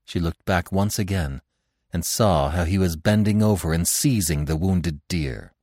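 A man narrating a classic novel in an expressive, dramatic storytelling manner. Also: sits low, unhurried, dry recording, studio quality.

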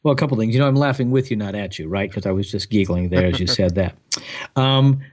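A man, a photographer, answering interview questions in a relaxed, thoughtful way, laughing easily. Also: on the low side, brisk. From United States.

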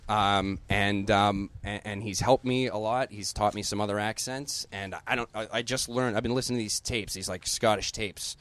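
A man's voice: fairly low pitch, steady tone, normal speed, hardly any pauses, fairly bright tone. Eager, earnest man in a comedy bit. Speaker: comedy podcast host. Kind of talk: improvised character comedy.

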